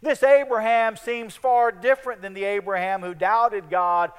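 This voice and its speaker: In a large hall with long, lingering reverb, a male preacher gives an earnest sermon at a moderate pace. His fairly high voice is smooth and clear with a steady tone, and his phrases often trail off softly.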